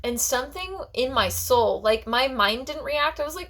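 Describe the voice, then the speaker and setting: A woman's voice: sits high, animated, moderate pace, a bit bright. A woman talking as a psychic in a personal vlog monologue. She rambles in a heartfelt way and fills her talk with "like" and restarts.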